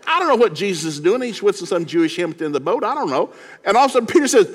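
A man from East Tennessee with a Southern accent, preaching a sermon in a folksy, animated storytelling way, acting out Bible characters with shouted lines. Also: high voice, fast talker. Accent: Southern American. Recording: long hall reverb.

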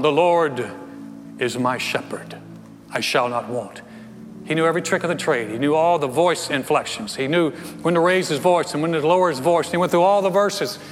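Man preaching from the pulpit, slightly high voice, earnest storyteller, long hall reverb with soft music under it. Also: fast. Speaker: pastor. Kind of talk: sermon. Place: church sanctuary.

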